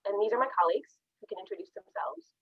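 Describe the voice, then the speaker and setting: A woman's voice: medium pitch, very animated, fast. A woman from New Jersey, an academic librarian presenting a webinar in a chatty, self-deprecating way. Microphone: video call. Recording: tinny phone-like video call audio.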